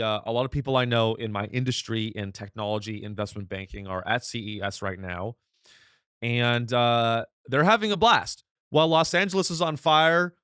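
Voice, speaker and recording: A man's voice: medium pitch, fairly bright tone, clean tone, no echo, studio quality. A man hosting a comedy podcast, delivering a mock-outraged, ironic rant full of restarts and rhetorical questions.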